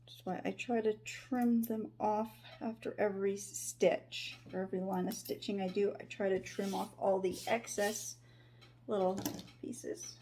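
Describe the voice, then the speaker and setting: A woman quietly narrating her sewing project at home, thinking aloud and often dropping to a whisper. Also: mid-range voice, little pitch movement, a little slow. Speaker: crafter sewing on camera. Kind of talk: casual crafting narration. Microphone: desk microphone near her.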